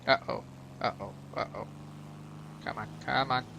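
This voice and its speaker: Gravelly American man rambling over gameplay. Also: mid-range voice, steady tone, a little slow, background noise. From United States. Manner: rambling, self-mocking, chuckles at his own mistakes. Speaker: gaming channel host. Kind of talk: casual gameplay commentary.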